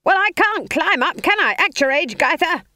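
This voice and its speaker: A woman voicing a stern, proud old witch who shouts shrilly. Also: very high-pitched, expressive, normal speed, dry recording, clean studio sound, pitched above the performer's own voice, heavily acted. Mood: shouting.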